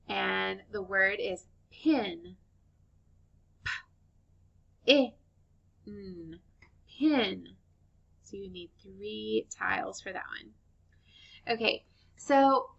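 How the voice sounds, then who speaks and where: A woman teaching young children phonics, sounding out words slowly and clearly and praising them warmly. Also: medium pitch, lo-fi sound. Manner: slow, clear sound-by-sound modeling, encouraging.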